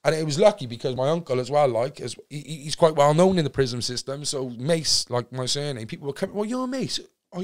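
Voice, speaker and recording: A young man with a Cardiff accent, a podcast guest telling a story in a casual, animated way and acting out what people said. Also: on the high side. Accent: Welsh, Cardiff. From Wales. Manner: animated, acts out quotes, swears freely.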